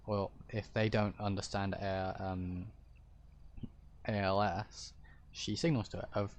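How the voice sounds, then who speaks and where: A man with a deep-ish voice, streaming a roleplay game and chatting to viewers in a rambling, hesitant way as he explains things. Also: steady tone, moderate pace, dull audio, slight background noise. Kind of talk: casual chat to stream viewers.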